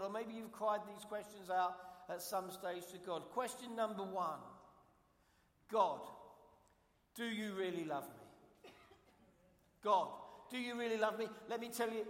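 High-pitched London pastor preaching in a church. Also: male voice, fairly bright tone. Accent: London English. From London, England. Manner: emphatic, repeats key phrases, asks the congregation questions. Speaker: guest pastor. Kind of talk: preaching a sermon. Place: church sanctuary. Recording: echoey hall, long reverb.

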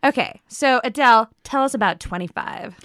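A woman's voice: on the high side, moderate pace, a bit bright, dry recording, lightly acted. A woman playing a chirpy gossip reporter in a comedy sketch who slips into a fake British accent.

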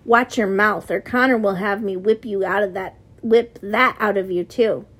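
A woman's voice: medium pitch, steady tone, normal speed, a bit bright, breathy edge. A woman reading a stern, scolding jailer man. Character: gruff grown man, stern jailer, harsh but grudging.

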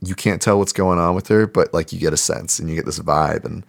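A man with a very deep, low voice talks casually as a podcast co-host. He rambles in an easy, laid-back way and drops the odd swear word. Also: fairly quick, gravelly. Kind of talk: casual chat.

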